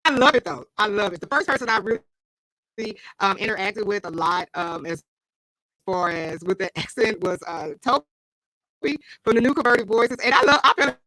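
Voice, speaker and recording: A woman's voice: medium pitch, lively intonation, moderate pace, pushed and bright, dry recording, poor audio. A woman hosting a live online interview, effusive and chatty, laughing often, talking into a computer mic. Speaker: host. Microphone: computer mic, live stream.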